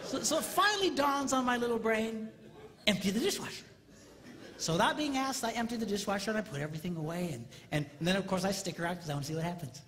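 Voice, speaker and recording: A man's voice: high-pitched, expressive, fast, a crowd in the background. A man in his fifties giving a comedic marriage seminar to a live audience, bursting into squealing impressions of women. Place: large hall with audience. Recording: reverberant hall with faint noise.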